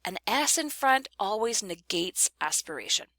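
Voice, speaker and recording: A woman's voice: medium pitch, big pitch swings, normal speed, bright, forceful tone, dry recording. A woman teaching phonetics in a recorded online lecture, explaining patiently and repeating key terms for emphasis. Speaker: phonetics instructor.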